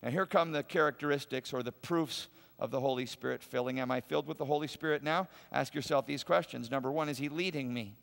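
Gravelly-voiced preacher man in a reverberant hall. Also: mid-range voice, a little fast, hardly any pauses, a bit bright. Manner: conversational storytelling, emphatic repetition. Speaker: pastor. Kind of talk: sermon. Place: large church auditorium.

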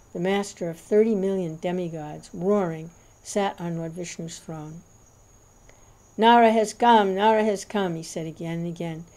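Mellow-voiced woman reading scripture. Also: fairly low pitch. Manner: measured, reverent narration. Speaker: reader.

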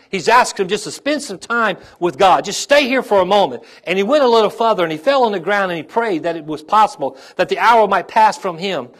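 A man's voice: high-pitched, fairly bright tone. A man, a pastor preaching a sermon to his congregation and calling out to them as his intensity rises.

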